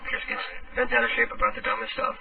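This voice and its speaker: A man's voice: high voice, level tone, fast, gravelly, a crowd in the background. A man hosting a prank call radio show, chatting casually and bluntly, with plenty of swearing. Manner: blunt, swearing, laughs easily. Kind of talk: casual chat. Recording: tinny phone-like, distant.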